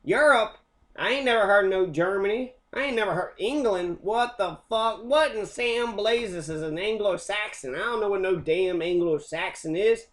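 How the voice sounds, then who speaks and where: A loud, drawling rural guy who boasts about things he plainly doesn't know, as a man puts him on. His voice sits high and carries a scornful swagger. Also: normal speed. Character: mocking ignorant rural white man.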